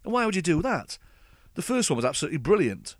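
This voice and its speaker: A man's voice: on the high side, big pitch swings, fast talker, dry recording. A man hosting a podcast, telling a scripted comic rant in a sardonic, dry way. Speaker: podcast host.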